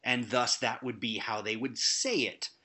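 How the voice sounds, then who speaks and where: A man in casual conversation about a film, animated and quick to laugh. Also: medium pitch.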